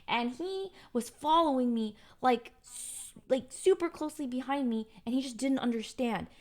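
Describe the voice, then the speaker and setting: A woman's voice: high voice, normal speed. Chatty young woman streamer telling a story. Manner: chatty, exasperated storytelling with quoted back-and-forth. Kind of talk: casual storytelling to chat.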